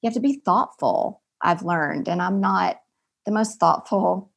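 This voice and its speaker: A woman in her forties, a podcast guest chatting casually and acting out family conversations with lively energy. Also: mid-range voice, a little slow, gravelly. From American South. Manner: animated storyteller, acts out family dialogue loudly. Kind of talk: casual chat.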